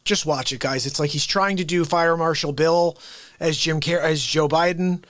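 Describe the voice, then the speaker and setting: A man hosting an unscripted live comedy stream, talking in an excitable, rambling way and often cutting himself off mid-sentence. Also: fairly high pitch, moderate pace, no room sound. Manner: excitable, rambling, self-interrupting. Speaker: livestream comedy host.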